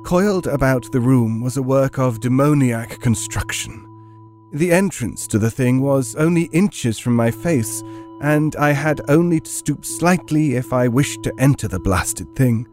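A man narrating a dark story in a measured, dramatic storytelling manner. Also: medium pitch, lively intonation, soft background music.

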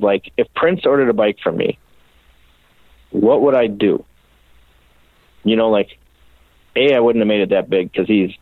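A man's voice: medium pitch, no echo. A man from the Minneapolis area, a custom bike builder being interviewed, telling stories in a casual, profane, self-deprecating way. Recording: dry phone-like audio.

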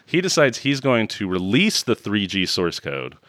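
A man's voice: lowish voice, very animated, moderate pace, fairly bright tone, dry recording, studio quality. A man co-hosting a podcast, animatedly recapping a movie plot in casual chat, laughing and acting out quoted lines. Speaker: podcast co-host.

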